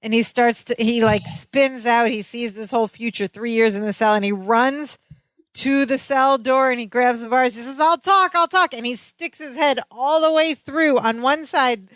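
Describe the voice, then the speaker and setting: A woman's voice: a little high, steady tone, moderate pace, no room sound. A woman co-hosting a podcast, chatting casually as she retells a sitcom episode and quotes the characters with animation. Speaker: podcast co-host. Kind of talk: casual chat recapping a sitcom.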